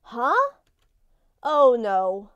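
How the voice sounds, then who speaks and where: A woman's voice: a little high, huge pitch swings, very slow, clear, resonant tone, highs cut off. A woman giving live gameplay commentary. She is jumpy, swears a lot and talks back to the game characters. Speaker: let's play gamer.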